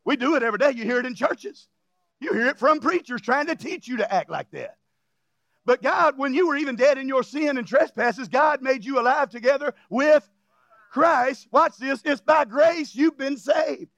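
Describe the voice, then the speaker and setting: A male pastor preaching a fiery revival sermon, often shouting with emotional cries and joking with the congregation in casual, informal grammar. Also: very high voice, expressive, normal speed, gravelly, no echo. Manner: jokes and laughs with the congregation.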